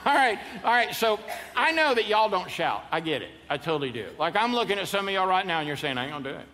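A man's voice: high voice, big pitch swings, fast, sharp tone, slight background noise. A man in his fifties preaching a sermon to a live congregation, joking and leading the crowd through call-and-response. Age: 50s. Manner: playful, jokes with the congregation, leads them in call-and-response. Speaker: pastor. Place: large church auditorium. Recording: hall reverb, faint ambience.

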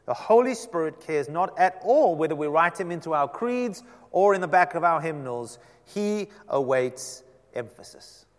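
Slightly high-voiced male pastor preaching, long reverb from the hall, loud then hushed. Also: lively intonation, normal speed, few pauses. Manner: preaching with dramatic swings from loud emphasis to soft near-whisper. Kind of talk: sermon. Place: church sanctuary.

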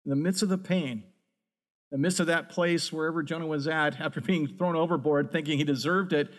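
A man's voice: fairly high pitch, steady tone, a little fast. A man preaching a sermon as a pastor, earnest and emphatic.

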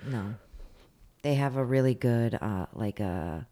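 A woman's voice: very deep voice, animated, mellow. A woman co-hosting a podcast in casual chat, often hunting for words with fillers. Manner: halting, gropes for words with fillers. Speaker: podcast co-host.

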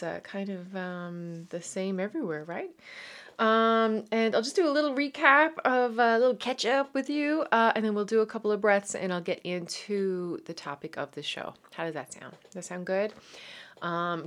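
A woman with a Newfoundland accent hosts her podcast in a relaxed, rambling way, with lots of fillers and restarts. Her voice sits a little low, and she sounds like she is in her thirties. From Newfoundland, Canada. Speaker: podcast host. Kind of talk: casual chat.

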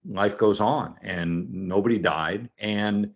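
Deep-voiced reflective man in his sixties. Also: takes it slowly. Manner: reflective, earnest storytelling. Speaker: football coach. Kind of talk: podcast interview guest. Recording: dull lo-fi sound.

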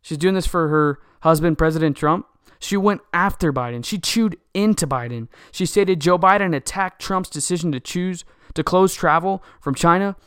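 Male podcast host, fired-up solo political rant, slightly high, smooth voice, dry close mic. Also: normal speed, hardly any pauses, fairly bright tone, no room sound. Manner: heated, indignant, repetitive ranting. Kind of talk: political commentary monologue.

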